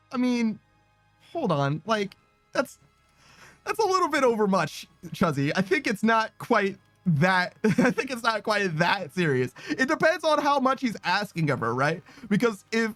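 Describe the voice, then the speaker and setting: Animated young man streaming, high lively voice. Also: unhurried, dry recording, soft background music. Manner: animated, swearing, breaks into laughter. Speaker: streamer reading chat. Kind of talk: casual live-stream chat.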